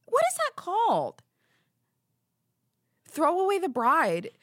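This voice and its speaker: A woman's voice: very high-pitched, huge pitch swings, takes it slowly, no echo. A young woman hosting a podcast in a studio, chatting casually in a rambling, giggly, self-deprecating way. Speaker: podcast host. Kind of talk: casual chat.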